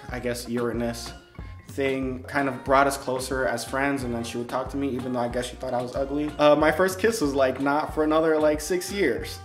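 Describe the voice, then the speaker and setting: Animated young man in an echoey room. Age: young adult. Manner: animated, acts out quotes with high squeals. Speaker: storyteller vlogger. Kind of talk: casual comic storytelling.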